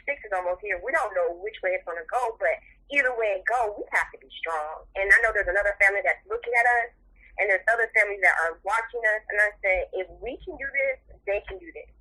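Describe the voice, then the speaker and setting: Earnest middle-aged woman, bright voice. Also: mid-range voice, fast, low-quality recording. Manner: tearful, earnest, encouraging. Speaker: interview guest, mother of the subject. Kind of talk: emotional interview talk.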